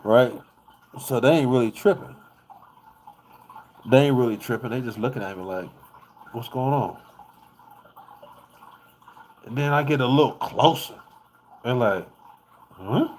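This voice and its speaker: Man, vlogger, casual storytelling, animated, rambling, profane, mid-pitched voice. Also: moderate pace, long pauses, a little hiss or hum.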